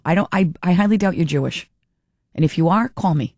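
Brisk and blunt, this female talk radio host reads out texts from listeners and talks back to them with strong opinions. Her voice is lowish with a darkish tone. The studio sound is clean and echo-free.

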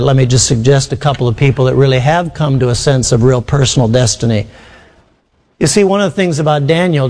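A man's voice: on the high side, darkish tone. A man preaches a sermon in a slightly raised voice. He leans on rhetorical questions and draws out phrases for emphasis. His voice rings with a long hall reverb.

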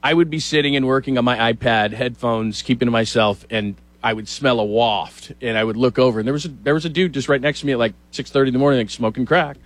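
A middle-aged man hosts a casual sports talk show and rambles through stories with animated asides. His voice sits at an ordinary pitch for a man. The recording is close and dry, with no room sound. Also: fast talker, hardly any pauses, no echo. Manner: chatty storyteller, animated asides.

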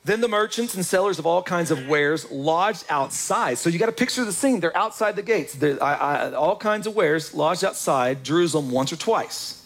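A man preaching a sermon, animated, acting out quotes and asides as he goes. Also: fairly high pitch, moderate pace, few pauses. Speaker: pastor.

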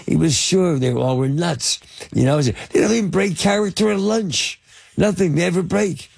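An older man tells show-business stories in a gravelly, slightly husky voice. He stumbles through ums and false starts, circling back before landing each point. The sound is close and dry. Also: fairly high pitch, darkish tone, no room sound. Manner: halting, lots of fillers and restarts. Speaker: interview guest, film producer and actor. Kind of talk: anecdotal storytelling in conversation.

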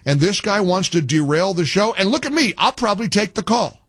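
A middle-aged man hosting a call-in radio talk show, animated and sarcastic, full of wisecracks. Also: high voice, a little fast, no echo.

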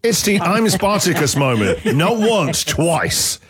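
A man's voice: on the high side, very animated, slow, husky, no echo. A man hosting a breakfast radio show, teasing his producers in playful, bantering chat.

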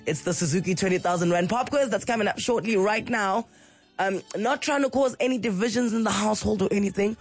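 A woman radio host, a little croaky from illness, chatting playfully on breakfast radio. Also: mid-range voice, fairly quick. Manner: playful, animated.

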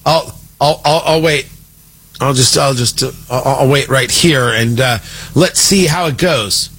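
A man's voice: mid-range voice, a little slow, fairly bright tone, husky. A man delivering a sarcastic, exasperated political opinion monologue as a commentator.

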